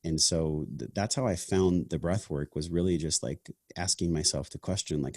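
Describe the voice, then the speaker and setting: A man's voice: low-pitched, brisk, hardly any pauses, a little mellow, breathy edge, no room sound, clean studio sound. A man hosting a podcast, speaking in a reflective, earnest and casual way, often saying "man" and "like". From half Sicilian family heritage. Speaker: podcast host. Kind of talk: casual conversation.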